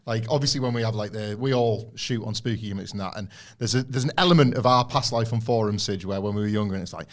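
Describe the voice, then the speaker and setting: A man, joking and teasing in casual podcast chat. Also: lowish voice. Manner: joking, teasing, quick asides. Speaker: wrestling podcast co-host.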